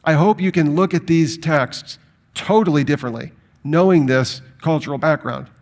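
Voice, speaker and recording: A man teaches from the Bible to a live audience in a fairly high voice. He is emphatic and animated, and he leans on rhetorical questions to drive his points home. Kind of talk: lecture to an audience.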